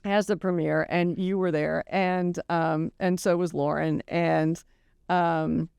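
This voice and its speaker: Older woman novelist, frank, self-mocking and lively, clean resonant voice recorded dry in studio. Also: on the low side, takes it slowly, gravelly, clear, resonant tone, dry recording. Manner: animated, candid, swears freely, laughs at herself. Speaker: novelist guest. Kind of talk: casual interview chat.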